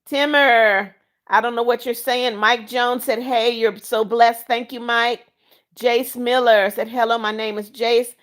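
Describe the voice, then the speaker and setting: Woman livestream host, middle-aged, slightly high voice, reads comments, greets viewers one by one, firm about rules. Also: steady tone, a little slow. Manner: firm and scolding when enforcing rules; warm, religious greetings to viewers. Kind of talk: reading out live chat comments.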